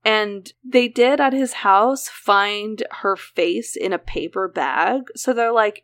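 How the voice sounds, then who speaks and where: This podcast host speaks slowly at a medium pitch, with a somewhat bright voice and hardly any pauses. She casually covers a true crime case, reading details aloud between chatty remarks and saying "like" frequently.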